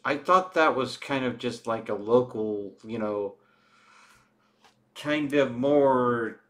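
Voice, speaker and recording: A man of middling pitch plays a tabletop game in a loose, rambling way, dropping fillers as he goes. His everyday voice carries his character's lines without any put-on. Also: slow. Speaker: player. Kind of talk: casual tabletop game play.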